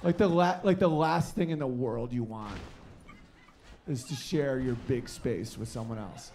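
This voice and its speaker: A man from the Northeast United States doing a stand-up comedy set, animated, jumping into high excited voices for his dogs. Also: measured pace, slight background noise.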